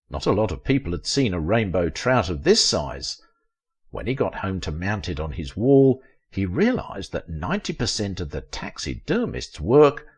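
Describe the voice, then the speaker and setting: A man narrating a dark comic story in a wry, dramatic storytelling manner. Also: fairly low pitch, slightly rough. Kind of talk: scripted horror-comedy story narration.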